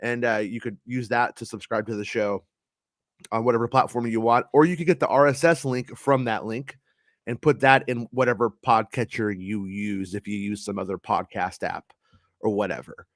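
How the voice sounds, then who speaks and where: A man's voice: lowish voice, fairly even intonation, moderate pace, no room sound, clean studio sound. A man hosting a podcast in a loose, chatty way, trailing into fillers and restarting his sentences. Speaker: podcast host. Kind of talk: casual podcast chat.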